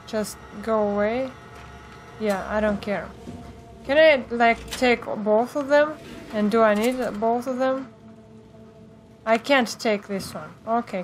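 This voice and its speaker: A woman with a fairly high voice, talking slowly through a horror game. She mutters to herself, gets jumpy and swears at the game now and then. A faint hum of ambience sits under her voice. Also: fairly bright tone. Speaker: gameplay streamer. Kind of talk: let's play commentary.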